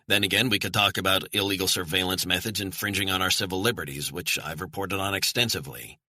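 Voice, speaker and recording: Deep-voiced narrator doing earnest reporter guy pleading his case, low crisp dry read. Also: quick pace, bright, forceful tone, dry recording, heavily acted. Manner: earnest, persuasive.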